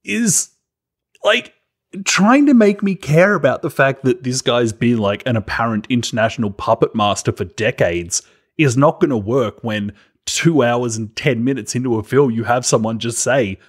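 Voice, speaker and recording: A man co-hosts a casual film-review podcast, his voice sitting at an ordinary middle pitch. He talks in a wry, sarcastic way and laughs often. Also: expressive, moderate pace. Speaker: podcast co-host.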